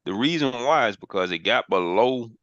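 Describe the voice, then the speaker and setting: Man, trading mentor, emphatic and repetitive, bright forceful tone, dull lo-fi call sound. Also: mid-range voice, expressive, normal speed, no room sound. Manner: emphatic, repeats phrases, playful bursts. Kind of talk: casual online group call, chart walkthrough.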